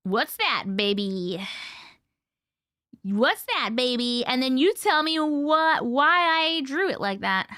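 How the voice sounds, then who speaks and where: A woman's voice: high voice, animated, slow pace, pushed and bright, no room sound, studio quality. A woman hosting a casual live chat with viewers, playful, often laughing and coughing between remarks. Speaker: livestream host.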